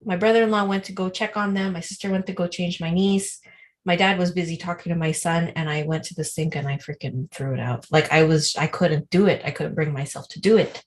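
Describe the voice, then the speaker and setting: A woman co-hosting a live online show, telling a story in a rambling, animated way full of fillers. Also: fairly low pitch, brisk. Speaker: co-host. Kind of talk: casual livestream storytelling.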